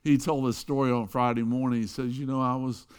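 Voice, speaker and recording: A middle-aged man preaching a sermon, telling a story and swinging from loud emphasis to hushed quiet lines. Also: medium pitch, level tone, a little fast, clean tone. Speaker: pastor.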